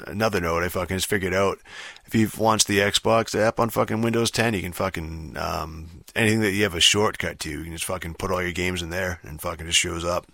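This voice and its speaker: A man's voice: deep voice, steady tone, a little fast, vocal fry, bright, forceful tone, no echo, clean studio sound. A man ranting casually about gaming, profane and rambling, full of fillers and restarts. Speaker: gaming commentator. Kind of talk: casual rant.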